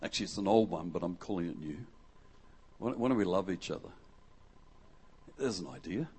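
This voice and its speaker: A man's voice: deep voice, lively intonation, a little fast, warm tone, slightly rough. A middle-aged man from Western Australia, preaching a jokey, conversational sermon to a congregation and acting out quotes. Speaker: guest preacher. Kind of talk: lively sermon with audience interaction. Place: church hall before a congregation.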